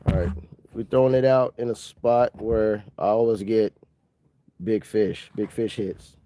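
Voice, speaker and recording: A man's voice: fairly low pitch, steady tone, unhurried, dark tone, slight background noise. A man with a stuffy nose from a sinus infection, chatting casually to his livestream viewers while fishing outdoors. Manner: chatty, addresses viewers as y'all. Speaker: fishing vlogger. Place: outdoors by the water.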